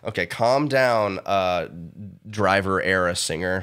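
A young man streaming a casual reaction to an album, excitable, swearing often and joking. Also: medium pitch, moderate pace. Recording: faint pop music underneath. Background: pop music playing.

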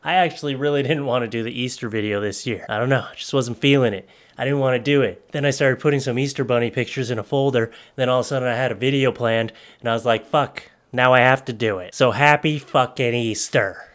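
A man doing comedic commentary on photos for his channel, sarcastic and heavily profane, with loud, animated jabs. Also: medium pitch, quick pace, few pauses. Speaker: comedy YouTuber.

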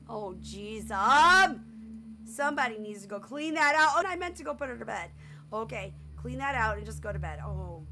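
A woman casually commenting on her own gameplay, excitable and full of exclamations, often laughing. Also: on the high side, noisy background. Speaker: gameplay streamer. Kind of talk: casual let's-play commentary.

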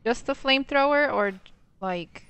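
A woman's voice: high voice, a little slow, fairly bright tone, clear, resonant tone. A young woman commenting on a horror game as she plays, swearing freely and shrieking when startled. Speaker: let's play gamer. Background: game music.

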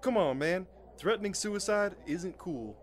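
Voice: mid-range voice, lively intonation, measured pace, soft background music. A man voicing an easygoing male chicken puppet who drawls and says "man" constantly. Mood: soothing. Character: laid-back male chicken puppet, easygoing stoner friend. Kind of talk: puppet comedy sketch.

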